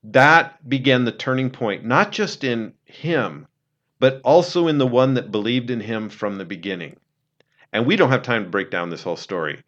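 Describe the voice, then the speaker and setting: A man telling a story in an earnest, conversational way, dropping low and quiet when he quotes someone. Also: expressive, moderate pace, highs cut off. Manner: earnest, retells a film scene, drops low and quiet for quotes. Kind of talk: casual storytelling talk.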